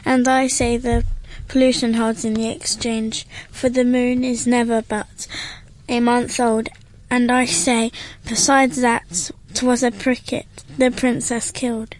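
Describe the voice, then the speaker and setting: A woman playing a slow, stubborn, dim-witted male constable on stage. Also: on the high side, flat delivery, low-quality recording. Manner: stubborn, plodding. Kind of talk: stage acting in verse.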